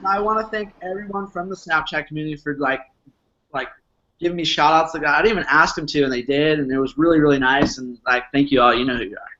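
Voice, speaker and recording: A man's voice: fairly high pitch, steady tone, quick pace, pushed and bright, highs cut off. A man in his twenties from California, a guest chatting casually in a bubbly, loose way. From San Diego, California. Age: 20s. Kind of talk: casual chat.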